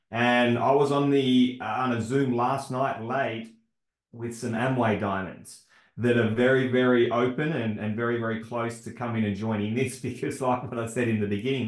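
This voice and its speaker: A chummy man hosting a team video call, joking with the people on it. His voice comes through with a roomy echo. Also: medium pitch. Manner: jokey, chummy, says "mate".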